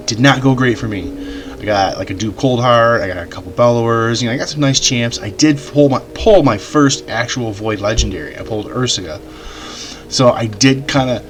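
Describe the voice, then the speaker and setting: A man hosting his gaming channel, chatting enthusiastically in casual gamer slang while he plays. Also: mid-range voice. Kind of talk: casual gameplay commentary.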